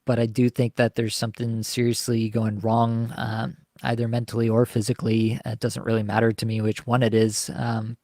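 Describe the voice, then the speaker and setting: A man hosting a live fantasy hockey podcast, talking through player analysis and listener questions in a measured way with frequent ums and uhs. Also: mid-range voice, darkish tone, dry recording, clean studio sound.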